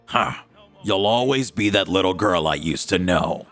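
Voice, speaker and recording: A man voicing a gruff, blunt, tough male fighter. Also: sits low, animated, unhurried, a bit bright, faint music behind, voice pushed down.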